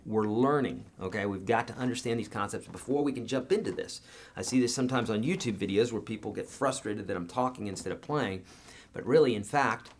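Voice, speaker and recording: A man teaching a live guitar lesson in a chatty way, explaining with everyday analogies and often checking in with "okay?", with lively swings in pitch and loudness for emphasis.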